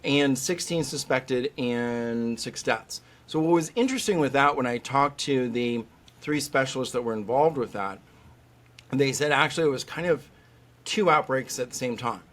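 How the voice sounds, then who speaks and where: Animated male vet on a podcast. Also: medium pitch, moderate pace. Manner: animated storyteller, acts out quoted voices. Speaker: veterinary specialist guest. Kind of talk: podcast interview.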